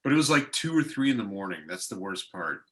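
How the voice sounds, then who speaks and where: A man co-hosting a podcast, telling anecdotes in an animated, self-mocking way. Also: fairly low pitch, a little fast. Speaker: co-host, hockey broadcaster. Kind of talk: casual chat.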